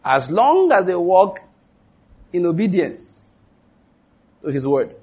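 A man preaching a sermon as pastor, emphatic, asking rhetorical questions and leaping up in pitch for exclamations. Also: big pitch swings, slow pace, darkish tone, breathy edge.

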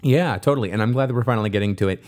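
Man, podcast co-host, low voice, loose rambling jokey chat. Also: rapid-fire, darkish tone.

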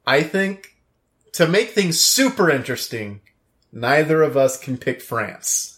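A man co-hosting a casual podcast chat, playful and quick to laugh. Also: fairly high pitch, expressive, fairly bright tone. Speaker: podcast co-host.

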